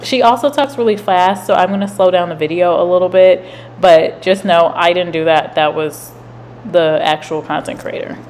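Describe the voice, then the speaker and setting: A woman hosting a commentary video, explaining workplace rules in a measured way. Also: on the low side, darkish tone, a little hiss or hum. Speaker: commentary host. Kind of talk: reaction commentary.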